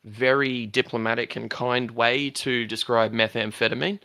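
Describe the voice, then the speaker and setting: A man's voice: medium pitch, steady tone, moderate pace, bright, forceful tone, no echo. A man with an Australian accent chatting casually on a livestream, blunt and crude with plenty of fillers. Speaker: livestream host. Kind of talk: casual chat.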